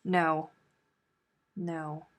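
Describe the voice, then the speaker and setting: A woman with a low, level voice speaks extremely slowly while hosting a casual crochet livestream. She chats playfully with viewers, reads their comments aloud, and drawls Southern turns of phrase.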